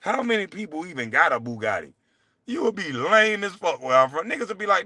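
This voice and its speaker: A man hosting his own show, delivering a heated, profane solo rant, taunting and swinging between loud jabs and low mutters. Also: sing-song, brisk, no room sound, clean studio sound. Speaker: show host.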